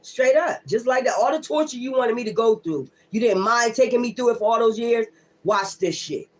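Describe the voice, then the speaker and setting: A tarot reader on a casual livestream rants profanely, blunt and emphatic, and keeps repeating her defiant points. Her voice is on the high side with lively intonation, and she speaks at a moderate pace.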